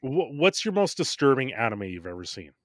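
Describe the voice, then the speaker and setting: A man's voice: medium pitch, sing-song, brisk, dry recording, studio quality. A man chatting as a guest on a casual podcast, laid-back and joking.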